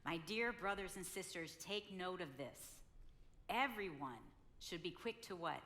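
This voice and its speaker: A woman's voice: on the low side, unhurried, a bit bright. A woman in her sixties speaking at a couples conference, playfully telling her side of a marriage story. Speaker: speaker, pastor's wife.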